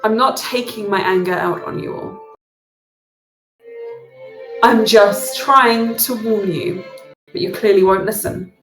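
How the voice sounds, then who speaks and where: A sneering young male scholar, put on by a woman running a tabletop game. He talks down with cold, clipped contempt. The voice sits in a middle pitch and carries a roomy echo. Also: slow, long pauses, faint music behind. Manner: dismissive and sharp-tongued. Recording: echoey room.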